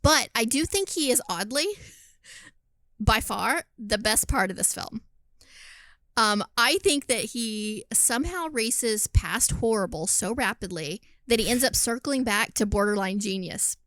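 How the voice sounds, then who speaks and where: A woman co-hosting a podcast, chatting casually about a film, animated, laughing often and swearing freely. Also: on the high side, unhurried, no echo. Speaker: podcast co-host. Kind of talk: casual film review chat.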